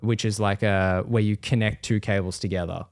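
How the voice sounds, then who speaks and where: A man's voice: fairly low pitch, normal speed, no echo, clean studio sound. Young man telling a swear-filled story. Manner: swears freely, animated storyteller who mimics others. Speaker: podcast host. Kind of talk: casual storytelling chat.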